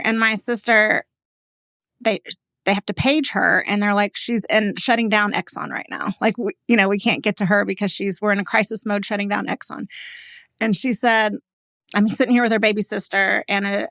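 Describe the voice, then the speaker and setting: A woman's voice: mid-range voice, vocal fry, fairly bright tone, no echo, clean studio sound. A woman in her forties from Texas, a business owner telling a personal story as a podcast guest, candid and chatty with frequent "like" fillers. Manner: candid and conversational, many "like" fillers, quick laughs.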